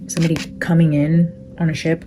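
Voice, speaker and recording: A low-pitched woman lays out tarot cards, channeling a spirit as she goes. Her delivery is intense and profane, full of casual fillers, with music running underneath. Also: level tone, a little fast, mellow, low-quality recording. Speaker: tarot reader and medium.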